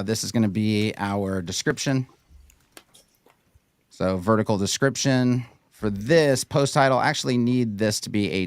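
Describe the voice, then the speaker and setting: A man walking through a web build live, explaining each step in a quick, confident, technical manner. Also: fairly low pitch, smooth, dry recording, clean studio sound. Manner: fast, confident technical walkthrough. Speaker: guest web designer. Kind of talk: live screen-share tutorial.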